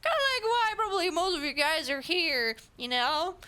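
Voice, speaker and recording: Woman streamer, German accent, high voice, bright tone, giggly rambling chat with fillers. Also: big pitch swings, normal speed. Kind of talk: casual chat with viewers. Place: home streaming setup.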